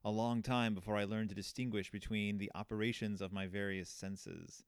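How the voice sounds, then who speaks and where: A man voicing a newborn male creature who recalls his first sensations in a calm, measured reading. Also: lowish voice, smooth, no echo, studio quality, lightly acted. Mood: wondering.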